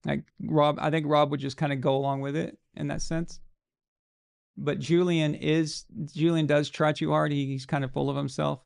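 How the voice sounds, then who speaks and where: A man with a fairly high voice and a gravelly, fried edge hosts a live show. He rants bluntly and casually about sports, swearing freely. The sound is dry and close. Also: little pitch movement, moderate pace, no room sound.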